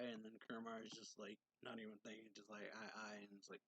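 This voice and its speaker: A man's voice: fairly low pitch, normal speed, gravelly, hardly any pauses, fairly bright tone, husky, dry recording, poor audio. A man giving a casual, rambling recap of a manga chapter, reading characters' lines with small lifts in his voice. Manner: retells scenes loosely, acting out characters' lines with slight lifts. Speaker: manga reviewer.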